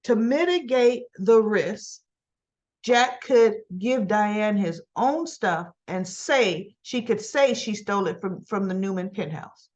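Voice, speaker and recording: A woman's voice: medium pitch, takes it slowly, darkish tone. A woman casually recapping soap opera scenes, retelling them in quoted lines with chatty asides.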